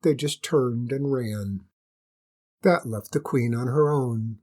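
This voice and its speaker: A male storyteller reading a fairy tale aloud, measured and expressive. His voice has a husky grain at a middle pitch.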